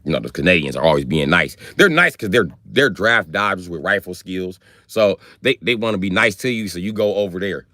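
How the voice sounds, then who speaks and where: An American man rants on a live stream, loud and full of swearing. His pitch swings widely as he gets worked up, and the sound is dry and close. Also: brisk, no echo. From United States. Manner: loud, swearing, animated ranting. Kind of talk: profane live-stream rant.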